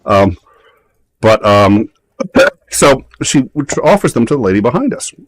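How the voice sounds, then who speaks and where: A man's voice: on the low side, very animated, dry recording. Dry-voiced chatty man telling stories. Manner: chatty storyteller, laughs often, halting restarts. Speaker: talk show participant. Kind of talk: casual chat.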